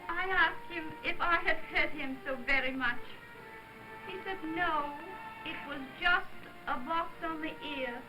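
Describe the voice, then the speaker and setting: An actress playing an earnest, tender young princess who speaks softly and wistfully in a 1930s film. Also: female voice, very high-pitched, measured pace, low-quality recording. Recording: 1930s film soundtrack with music.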